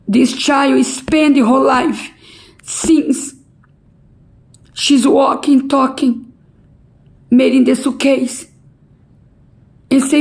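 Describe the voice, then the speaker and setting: A middle-aged woman making an impassioned, pleading public appeal in halting non-native English. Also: high voice, fairly even intonation, vocal fry, a little mellow, rough recording. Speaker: relative pleading a court case.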